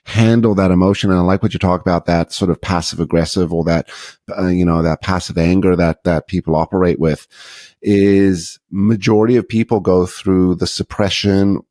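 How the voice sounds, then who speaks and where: A man hosting an interview show, talking in a relaxed, agreeable way and building on his guest's points. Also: deep voice, normal speed, no echo, clean studio sound. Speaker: podcast host. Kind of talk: conversational interview.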